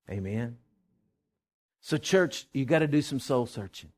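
A middle-aged man, a pastor preaching a sermon and telling a personal story in a folksy, animated way. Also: mid-range voice, unhurried.

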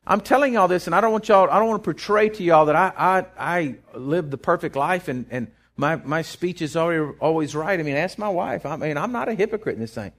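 Animated preacher man. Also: on the high side, brisk, few pauses. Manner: folksy, animated preaching with many restarts. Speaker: pastor. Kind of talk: sermon.

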